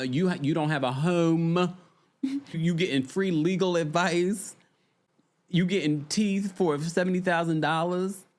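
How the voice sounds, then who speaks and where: A man hosting a casual reality TV recap, exasperated and chatty, reacting to his viewers. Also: high-pitched. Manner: exasperated, animated, chatty, talks to the chat. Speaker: podcast host.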